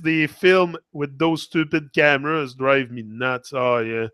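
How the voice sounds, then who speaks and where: A man's voice: mid-range voice, takes it slowly, a bit bright, smooth, dry recording, studio quality. A man with a Quebec French accent in a casual, rambling live monologue as a motivational streamer. He swears freely and talks back to a viewer.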